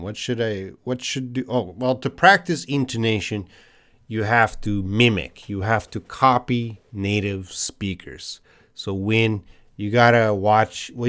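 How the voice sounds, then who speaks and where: A man's voice: lowish voice, a bit bright. A man with a Canadian accent, an English teacher, answering viewers' questions in a casual live stream, thinking aloud with fillers and restarts.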